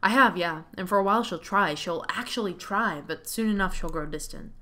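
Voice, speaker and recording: A woman voicing a frank, candid high school senior girl. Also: brisk, pushed and bright. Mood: reflective.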